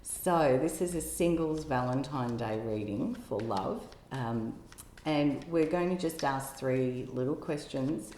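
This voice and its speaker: A woman giving an intuitive tarot love reading in a gentle, musing way, now and then exclaiming with delight. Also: very deep voice, slow, a little hiss or hum. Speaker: tarot reader. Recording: echoey room with faint ambience.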